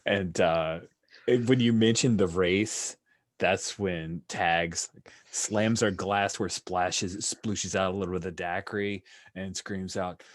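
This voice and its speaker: Man, game master, low voice, dry close sound, relaxed narration, soft near-whispers. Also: a little slow, dry recording.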